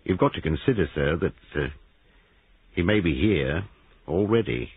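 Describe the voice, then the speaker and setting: A persistent, formal police sergeant, as a man reads him in an audiobook, with a low, husky voice that rises and falls with lively emphasis. The sound is dry and thin, like a tinny band-limited recording. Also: moderate pace, dry recording, full character voice. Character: brisk police sergeant investigating a murder.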